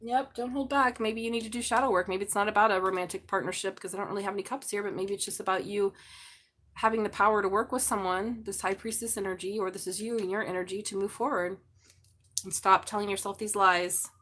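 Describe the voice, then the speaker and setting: A woman doing a live tarot reading, excitable and chatty, jumping from loud exclamations to low murmurs. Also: fast talker. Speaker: tarot reader.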